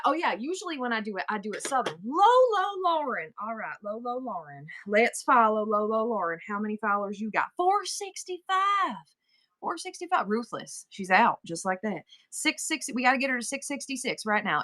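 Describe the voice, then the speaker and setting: A woman in her forties selling on a live stream, chatting casually and practicing rapid auctioneer-style number chants. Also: on the high side, expressive, fairly bright tone.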